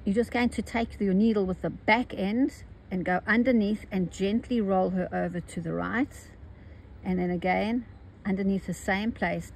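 A South African woman, older, talking casually and gently through an embroidery tutorial step by step. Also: medium pitch, vocal fry, slight background noise, rough recording. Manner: chatty, gentle step-by-step instruction. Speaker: embroidery teacher.

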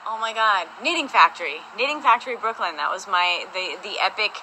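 A woman chatting casually with her partner on a livestream from home, bubbly and quick to laugh. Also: mid-range voice, expressive, sharp tone, slight background noise, poor audio. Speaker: co-host of a livestream. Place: their home.

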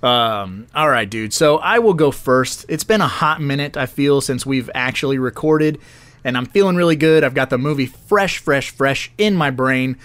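Lively, laughing podcast co-host man. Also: mid-range voice, normal speed, no room sound. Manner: laughs often, swears casually. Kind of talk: casual chat.

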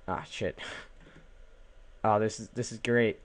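A man's voice: on the low side, steady tone, slow. A young man casually commenting on his own game, joking, exclaiming and chanting silly repeated words at the animals. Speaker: gaming channel host. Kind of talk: casual let's play commentary.

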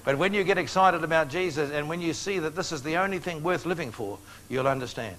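An older man preaching a sermon in a large meeting hall, telling stories in an animated way. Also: a little high, quick pace, slight background noise. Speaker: evangelist.

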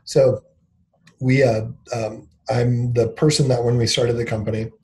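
In a candid interview, a CEO in his thirties reflects on things with lots of fillers, acting out snippets of dialogue in quick bursts. His medium-pitched voice is flat in delivery and dark in tone.

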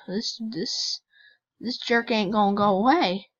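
A woman's voice: medium pitch, takes it slowly, dull audio. A woman hosting a gaming channel, chatting casually and teasing other players as she plays. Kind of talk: casual game commentary.

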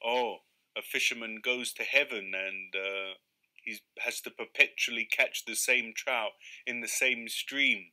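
A man's voice: mid-range voice, fairly even intonation, unhurried, pushed and bright. A man reading a comic short story aloud live, then chatting casually about it. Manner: casual, chatty asides with fillers. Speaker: reader.

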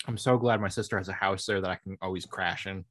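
A man's voice: low voice, fairly even intonation, fast, a bit bright, no room sound. A man in his thirties chatting casually as a podcast cohost, rambling and trailing off, laughing often, over a call mic. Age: 30s. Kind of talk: casual chat. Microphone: remote call mic.

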